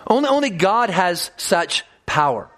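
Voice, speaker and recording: A man's voice: high-pitched, big pitch swings, unhurried, fairly bright tone. A man preaching a sermon as a pastor, talking earnestly and often repeating words as he restarts his phrases.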